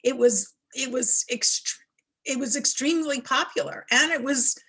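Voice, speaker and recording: A woman interviewer works through her questions hesitantly, pausing on fillers. Her voice is raspy and gravelly, slightly high, and she speaks slowly. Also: pushed and bright.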